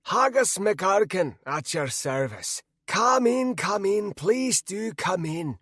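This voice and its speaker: A man's voice: high voice, expressive, takes it slowly, a bit bright, dry recording, clean studio sound, voice pushed up, heavily acted. A man voicing an older, absent-minded male wizard trainer who speaks affably and repeats himself fussily. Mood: affable. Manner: affable, fussy repetitions.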